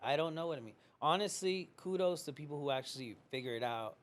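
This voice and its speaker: A man's voice: on the high side, expressive, fast talker. A man talking as a podcast guest in loose, rambling casual chat, joking and swearing now and then.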